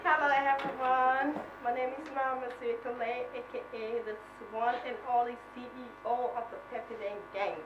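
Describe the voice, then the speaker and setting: A woman contestant giving a self-introduction speech, in a flat, low-key voice with sudden high squeals. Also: normal speed, hardly any pauses, highs cut off. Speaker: reality show contestant. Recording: echoey room from far off, noisy.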